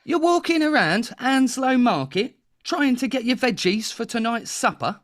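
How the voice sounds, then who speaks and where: A man putting on a brash Cockney pitchman. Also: animated, normal speed, fairly bright tone, no room sound, studio quality. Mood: brash hamming. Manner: hammy sales spiel with rhetorical questions. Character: brash male Cockney pitchman hawking a product. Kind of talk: comic mock advert.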